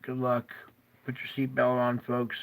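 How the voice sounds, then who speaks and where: A weary man talks his viewers through a map in loose, casual commentary, yawning and wandering off course before catching himself. His voice has a gravelly, fry-edged texture at an ordinary middle pitch. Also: monotone, measured pace. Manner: rambling, jokey and self-interrupting. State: tired, yawning. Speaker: show host. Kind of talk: casual commentary over maps.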